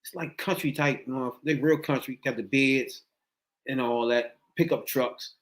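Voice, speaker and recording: A man's voice: medium pitch, fairly even intonation, moderate pace. A man hosting a podcast, retelling a story in casual, slangy talk. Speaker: podcast host.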